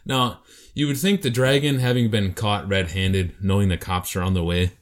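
A man with a lowish voice talks through scripture in a casual, conversational study. He tells the passages like an animated storyteller and now and then acts out the voices in them. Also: moderate pace. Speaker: podcast co-host teaching Bible passages. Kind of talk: casual Bible study talk.

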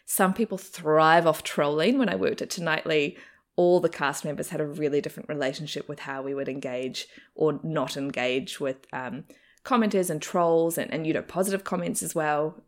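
A young adult woman with a faint New Zealand accent, chatting in an interview and laughing often. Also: sits low. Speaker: actor and comedian interviewee. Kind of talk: casual interview chat.

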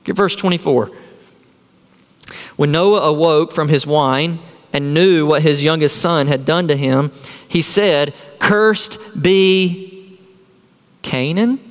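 A man's voice: fairly high pitch, measured pace, long pauses, in a large hall. A man preaching a sermon as a pastor, earnest and full of rhetorical questions.

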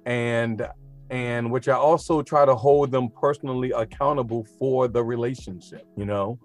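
A man's voice: medium pitch, fairly even intonation, normal speed, soft background music. A man who teaches art, talking casually and animatedly, often asking rhetorical questions. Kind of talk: casual podcast conversation.

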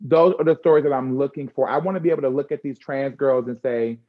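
A woman talking candidly in a conversational chat, frank and expressive with slangy asides. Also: very deep voice, fast, narrow, tinny audio.

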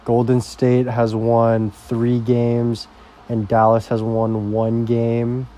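A young man delivers a loose, profane vlog rant. He speaks slowly at a mid pitch, and his thoughts wander and restart. He swears freely and casually. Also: monotone, dark tone. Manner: rambling, heavily profane, slow-paced. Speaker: vlogger.

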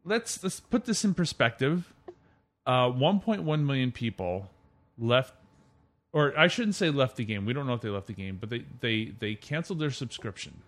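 A man's voice: mid-range voice, big pitch swings, moderate pace. A man hosting a casual gaming podcast, chatty and opinionated, steering the conversation through the news. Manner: chatty, opinionated, leads the topics. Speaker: podcast host.

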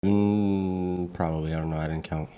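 A man's voice: sits low, fairly even intonation, moderate pace, dark tone. A man in his twenties, a guest who owns an apparel company, talking in a laid-back way and repeating short phrases. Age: 20s. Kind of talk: casual podcast chat.

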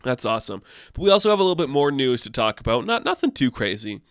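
A young man hosting casual entertainment news commentary, animated and sarcastic, swinging between deadpan asides and excited outbursts. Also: medium pitch, fast talker, no echo, studio quality.

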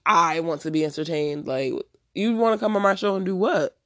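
A woman's voice: lowish voice, a little fast, no echo. Blunt cussing woman host with a stuffed-up nose, dry close sound. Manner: blunt, profane, slangy. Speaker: podcast host. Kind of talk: casual solo podcast rant.

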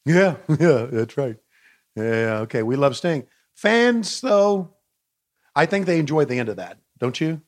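A man with an Oklahoma accent co-hosting a wrestling podcast, calling the match play-by-play and getting excited. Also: a little high, a little slow. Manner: excitable play-by-play, shouting counts. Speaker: podcast co-host.

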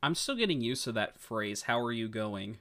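A man co-hosting a podcast in casual, excitable chat. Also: mid-range voice, normal speed. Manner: chatty, excitable, restarts often. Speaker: podcast co-host.

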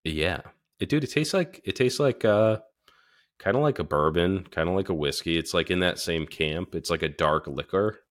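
Low-voiced male co-host, casual and profane. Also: lively intonation, normal speed. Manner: crude, laid-back banter, heavy swearing. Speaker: podcast co-host. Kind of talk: casual chat.

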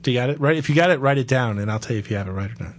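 A man hosting a podcast in casual chat, teasing his co-hosts with dry humor. He talks fast and keeps his segments moving. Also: mid-range voice, expressive, over loud music. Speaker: podcast host.

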